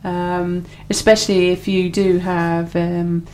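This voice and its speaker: A woman joining a radio chat as a guest, speaking hesitantly with many pauses. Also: lowish voice, flat delivery, darkish tone, a little hiss or hum. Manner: hesitant, lots of ums. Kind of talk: casual studio chat.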